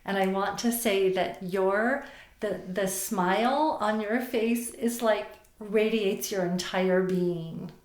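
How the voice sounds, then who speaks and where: A woman is a podcast guest, a therapist and coach who talks in an effusive, animated way. Her voice sits mid-range and carries the echo of a roomy space. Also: medium pitch, slow pace. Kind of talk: podcast interview.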